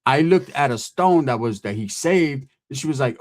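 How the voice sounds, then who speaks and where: A man telling a comedic story in a profane, slangy, animated way. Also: medium pitch, normal speed, hardly any pauses.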